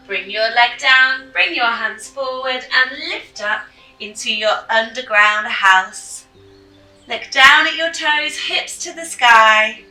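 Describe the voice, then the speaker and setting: A woman guides children through yoga poses while telling a story, her voice slightly high and very bright, unhurried and encouraging. The room is echoey, the mic sits back from her, and soft music plays underneath. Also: far from the mic. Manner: gentle, encouraging instructions. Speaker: kids yoga teacher.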